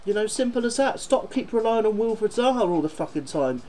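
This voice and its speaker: Bloke with a highish voice ranting and swearing about his football team. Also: animated, brisk, mellow, slight background noise, rough recording. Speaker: football fan vlogger. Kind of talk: football fan video reaction.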